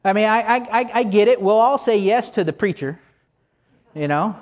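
A man's voice: sits high, expressive, normal speed, a little mellow. Man preaching a chatty, joking sermon. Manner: conversational and joking, with many rhetorical questions to the congregation. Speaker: pastor. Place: church service with a congregation.

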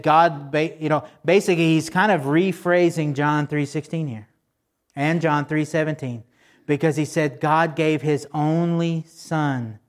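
A man with a fairly high voice delivers a sermon from the pulpit. He talks to his congregation in a relaxed, conversational way and checks in with them along the way. When he quotes scripture he slows down and leans on each word. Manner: conversational preaching, asks the congregation for responses. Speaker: pastor.

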